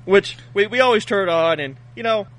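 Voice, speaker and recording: Male podcast co-host, high and bright, rambling jokey chatter. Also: animated. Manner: joking, rambling, halting. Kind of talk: casual chat.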